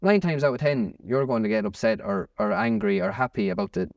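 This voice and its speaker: A young Irish musician chatting in an interview, rambling with many restarts. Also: male voice, on the low side, expressive, brisk, no room sound, distant mic, muffled recording. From Ireland. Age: young adult. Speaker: musician guest. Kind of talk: casual interview chat.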